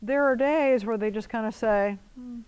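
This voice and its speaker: A woman riding instructor coaching a rider in an arena, giving brisk commands mixed with encouragement. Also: on the high side, a little mellow, clean tone, no echo, rough recording.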